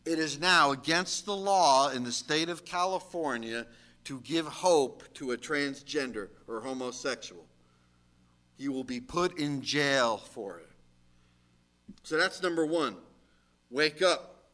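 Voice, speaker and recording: A middle-aged man preaching a sermon in a fairly high, bright voice. He speaks slowly and emphatically and lifts into shouted exhortations. His delivery is deliberate and unhurried. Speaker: pastor.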